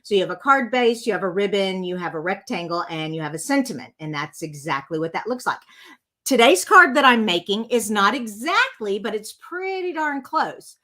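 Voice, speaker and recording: A middle-aged woman with a drawl chats her way through a live card-making stream. She rambles, fills pauses with ums and uhs, and talks straight to her viewers as she goes. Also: medium pitch, animated. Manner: chatty, warm to viewers, rambling with many fillers. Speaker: card-making channel host. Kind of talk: casual live-stream chat.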